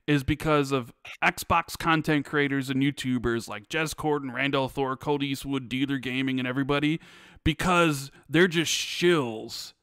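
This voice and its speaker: A man's voice: mid-range voice, moderate pace, clean tone, dry recording, studio quality. A man co-hosting a podcast in casual chat, ranting emphatically and repeating himself for stress. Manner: animated, emphatic ranting with repetitions. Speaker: podcast co-host.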